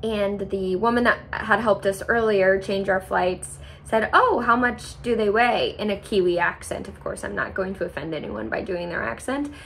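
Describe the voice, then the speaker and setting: A young woman vlogger telling a travel story in a casual, animated way, often laughing and acting out what people said. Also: mid-range voice, normal speed, vocal fry, few pauses, a little hiss or hum. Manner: animated, laughs often, acts out quoted reactions.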